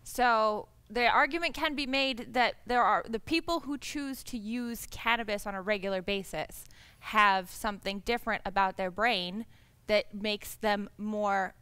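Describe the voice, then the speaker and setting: A woman speaking as a panelist in a public forum discussion, brisk and conversational with frequent restarts. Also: mid-range voice, pushed and bright, smooth.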